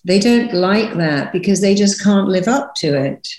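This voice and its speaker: A woman therapist, a guest on a podcast, giving reassuring advice in a relaxed, conversational way and acting out little quoted examples. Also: medium pitch, unhurried, echoey room, rough recording.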